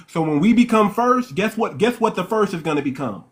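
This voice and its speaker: A man with a somewhat high-pitched voice hosts a live stream and speaks with emphatic, sermon-like conviction. He turns to his listeners again and again, rallying them as he reads their comments aloud. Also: lively intonation, fairly quick. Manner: emphatic, preacher-like, addresses the audience as y'all. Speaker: livestream host. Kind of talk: live-stream discussion reading chat comments.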